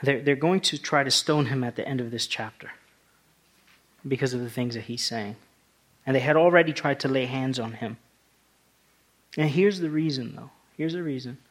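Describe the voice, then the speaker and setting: A man's voice: medium pitch, moderate pace, long pauses. A male pastor preaching a sermon, talking through scripture in a conversational way that rises to emphatic passages.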